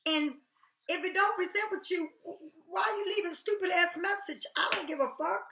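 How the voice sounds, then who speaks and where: A woman's voice: extremely high pitch, normal speed, sharp tone. A woman tarot reader talking straight to her viewers in a blunt, heated, profane rant. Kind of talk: casual direct-to-camera rant. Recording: echoey room.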